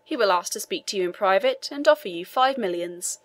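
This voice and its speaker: A woman's voice: mid-range voice, lively intonation, a little fast, no echo, close to an everyday voice. A woman voicing a male prison governor who speaks in a dry, knowing way. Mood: dismissive.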